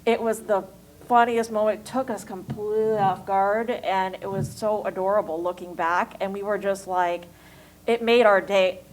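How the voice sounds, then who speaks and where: A woman on a convention panel telling a funny story, animated and expressive. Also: mid-range voice, moderate pace, slight background noise, poor audio. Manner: animated storyteller, acts out voices. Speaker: costume volunteer panelist.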